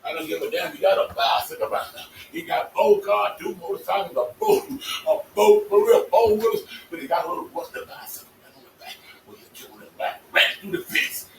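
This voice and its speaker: A man telling casual stories to his vlog audience, animated and laughing, cursing freely as he talks. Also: high-pitched, a little fast, vocal fry, hardly any pauses. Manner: animated, swearing, laughing storyteller. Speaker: vlogger. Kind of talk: casual storytelling monologue. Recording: echoey, distant mic with faint noise.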